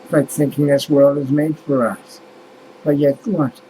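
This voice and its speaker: A man's voice: on the high side, flat delivery, measured pace, dark tone, slight background noise, rough recording. A man musing aloud in a casual vlog monologue, rambling and swearing as he grumbles about things that irritate him. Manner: rambling, profane, exasperated musing. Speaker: vlogger.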